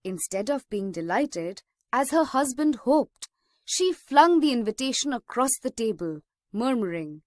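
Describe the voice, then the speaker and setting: A woman teacher reading a story aloud slowly and expressively for a school lesson. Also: a little high, very animated, a little mellow, no room sound, clean studio sound.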